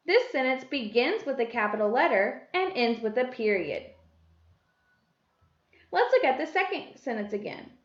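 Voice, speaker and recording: A woman's voice: fairly high pitch, big pitch swings. Sing-song woman teaching first grade. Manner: deliberate, sing-song reading of example sentences. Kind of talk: slow, clear classroom instruction. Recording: echoey room, dull lo-fi sound.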